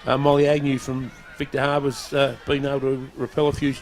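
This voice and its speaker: A man's voice: medium pitch, completely flat delivery, a little fast. A man with an Australian accent, a guest commentator at a local football game, talking in a chatty, hesitant way. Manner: chatty, hesitant, many fillers. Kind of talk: casual sports commentary. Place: commentary box at an outdoor oval.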